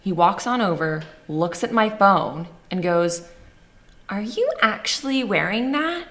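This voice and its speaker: Young woman as a bitter, sarcastic high school girl, mid-pitched, film narration. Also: expressive, measured pace, a bit bright. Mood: indignant. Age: young adult. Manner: sardonic, bitter. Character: angry, sarcastic teenage girl Jojo. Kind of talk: film narration and scene acting.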